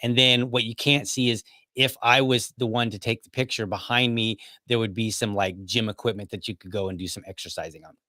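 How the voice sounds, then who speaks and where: A man's voice: on the low side, fairly even intonation, a little fast, bright, forceful tone, no room sound. A man hosting a podcast, telling a story casually with many restarts and asides. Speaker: podcast host.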